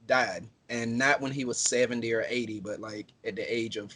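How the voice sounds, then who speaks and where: Halting, earnest man on a podcast. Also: medium pitch, fairly even intonation, fairly bright tone. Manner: halting, full of fillers, earnest. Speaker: podcast co-host. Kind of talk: casual podcast chat.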